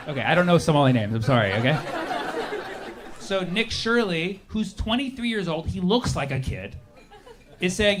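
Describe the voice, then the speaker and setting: High-voiced sarcastic stand-up comedian man. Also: very animated, normal speed, long pauses, crowd noise. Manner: sarcastic, acts out quoted voices.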